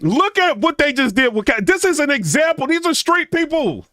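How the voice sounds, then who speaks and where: A middle-aged man gives casual reaction commentary. His voice sits high and swings widely in pitch, with a bright, sharp edge. The recording is dry and close. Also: a little fast, few pauses, dry recording. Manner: animated, chatty, repeats "you know what I'm saying".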